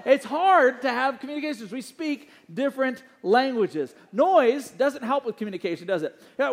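High-voiced pastor in a reverberant hall. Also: male voice. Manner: conversational, anecdotal, many fillers. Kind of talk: sermon with announcements. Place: church sanctuary.

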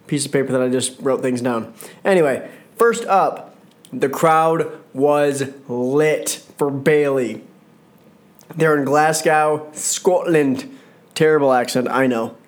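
A man's voice: medium pitch, takes it slowly. A man giving casual solo commentary on a wrestling show, rambling, joking and correcting himself as he goes. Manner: rambling, self-correcting, jokey.

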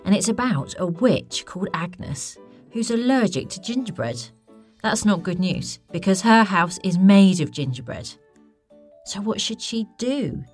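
A woman reading a children's story aloud, lively and expressive, asking the listener questions. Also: on the low side.

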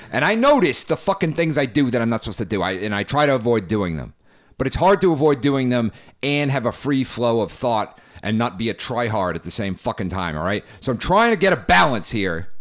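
A man's voice: mid-range voice, fairly bright tone. A man co-hosting a comedy podcast in casual chat, self-deprecating, with audible lip smacking. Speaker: podcast co-host.

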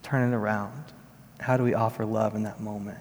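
A man in his thirties delivering a sermon as a pastor, in an earnest, measured storytelling manner. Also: lowish voice, flat delivery, slight background noise. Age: 30s. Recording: long reverb of a large hall.

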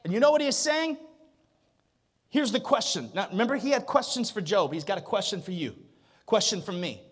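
Pastor, male, high and animated, builds from asides to shouts; recorded with long hall echo. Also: a little fast. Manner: animated preaching with rhetorical questions and swells to a shout. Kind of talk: sermon.

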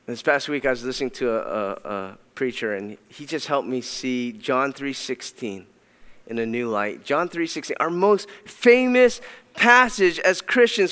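A man's voice: mid-range voice, unhurried, bright, forceful tone, clear, resonant tone, in a large hall. A man preaching a sermon as a pastor, emphatic and repeating phrases for stress. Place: church sanctuary.

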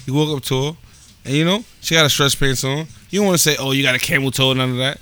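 A man from Staten Island, co-hosting a podcast and telling rapid, profane stories in casual banter. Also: mid-range voice, clean tone. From Staten Island, New York. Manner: rapid, profane, animated storytelling. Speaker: podcast co-host.

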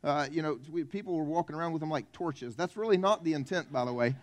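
A South Carolina pastor gives a Christmas Eve sermon in a high voice. He speaks in a relaxed, folksy way, joking with the congregation and bringing them into the story. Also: quick pace. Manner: conversational, folksy, jokes with the congregation. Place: church.

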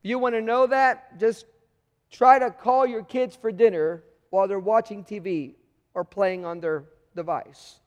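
A man's voice: high voice, fairly even intonation, measured pace, lo-fi sound. A man preaching a sermon as pastor, conversational and full of rhetorical questions, acting out the voices he quotes. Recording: long reverb of a large hall.

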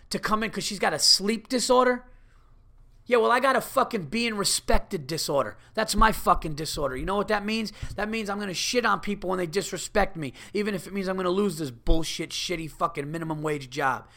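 High, gravelly ranting male podcaster. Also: bright, forceful tone. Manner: profane, heated ranting. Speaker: podcast host. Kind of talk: solo podcast rant.

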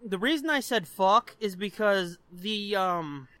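A man's voice: sits high, lively intonation, measured pace, sharp tone, dry recording. A man co-hosting a podcast who rants about a comic book in emphatic, profane casual chat. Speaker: podcast co-host.

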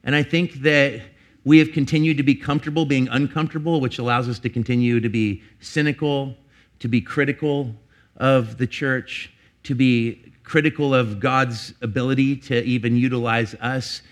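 A middle-aged pastor preaches in a steady tone at normal speed, sounding earnest and confessional. His sermon alternates between emphatic peaks and low, personal moments.

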